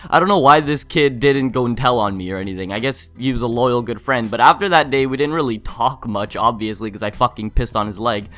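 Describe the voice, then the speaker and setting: A man's voice: medium pitch, a bit bright. Young guy vlogging a story, rambly, swears a ton, says like constantly. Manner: rambling, profane, filler-heavy. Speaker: YouTuber. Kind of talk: casual storytelling vlog.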